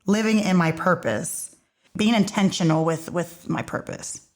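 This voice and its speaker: A woman hosting a casual podcast conversation, affirming her guest warmly. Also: on the low side, a little slow. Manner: warm, affirming listener. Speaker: podcast host.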